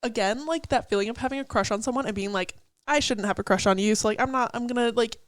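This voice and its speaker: A woman's voice: on the high side, fast talker, dry recording. A young woman co-hosting a casual podcast, talking through song lyrics in a loose, chatty way with lots of "like" fillers, laughs and the odd swear. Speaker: podcast co-host.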